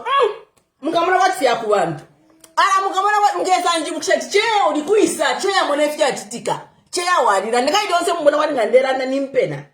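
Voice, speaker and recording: A young woman talks through political news in a casual vlog, her high voice rising and falling and often breaking into laughter. She switches between languages as she goes. The recording sounds like an echoey room. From Zambia. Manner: animated, laughing, code-switching. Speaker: commentator.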